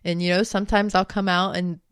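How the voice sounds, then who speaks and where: Lively, low-voiced woman telling stories. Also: fairly quick, clean tone, no echo, studio quality. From United States. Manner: animated storyteller, laughs often. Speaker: podcast co-host and spiritual channeler. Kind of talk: casual podcast chat.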